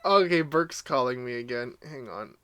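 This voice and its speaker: A man's voice: medium pitch, lively intonation, normal speed, sharp tone, slight background noise. A man livestreaming a video game, chatting casually and often breaking into laughter. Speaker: game streamer. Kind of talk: casual chat while livestreaming.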